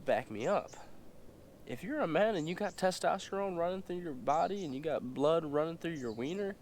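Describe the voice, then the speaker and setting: Young guy vlogging, lively swings in his voice, cussing, exasperated, talking to viewers. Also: a little high, moderate pace, a little hiss or hum. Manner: animated, profane, exasperated. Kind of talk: casual storytelling to camera.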